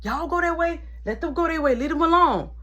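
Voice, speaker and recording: A man's voice: very high voice, fairly quick, pushed and bright, pitched above the performer's own voice. A young man voicing a bossy security guard ordering people to leave. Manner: barking orders.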